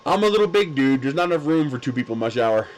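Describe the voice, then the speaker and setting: A man's voice: mid-range voice, expressive, very fast, poor audio. Laughing, crude-joking man streamer. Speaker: livestream host. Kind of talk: casual livestream chat.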